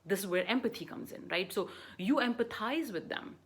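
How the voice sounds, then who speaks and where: A woman's voice: medium pitch, animated, normal speed, breathy edge. A woman life coach giving an earnest motivational talk, often checking in with "right?" and "you know", sometimes restarting mid-phrase.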